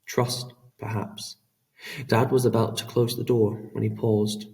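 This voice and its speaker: A man reading an audiobook in a measured, dramatic storytelling manner. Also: on the low side, level tone, darkish tone, far from the mic. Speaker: audiobook narrator. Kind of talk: scripted narration.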